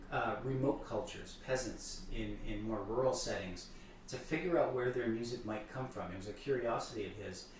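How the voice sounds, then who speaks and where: A man's voice: fairly low pitch, a little hiss or hum. A man talking through piano pieces as a teacher, thoughtful and restarting words as he explains. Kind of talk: explaining piano repertoire between playing. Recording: echoey room, voice far from the mic.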